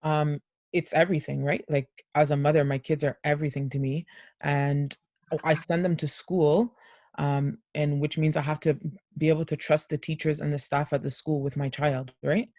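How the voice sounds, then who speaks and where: A woman's voice: sits low, level tone, moderate pace, dark tone, no room sound, studio quality. A middle-aged woman speaking earnestly as a parent on a panel discussion, over a video call. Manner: earnest, heartfelt.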